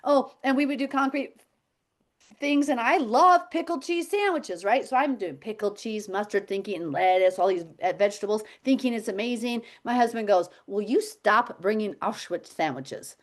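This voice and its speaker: A middle-aged woman with a fairly high voice teaches health habits over a casual video call at a moderate pace. She is chatty, tells stories, and laughs often.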